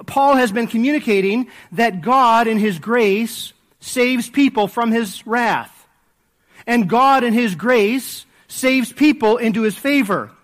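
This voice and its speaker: A male pastor preaching a sermon in a conversational way, with frequent fillers and restarts, and praying in a softer voice. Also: very high voice. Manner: conversational preaching with frequent fillers, dropping to a soft hush in prayer.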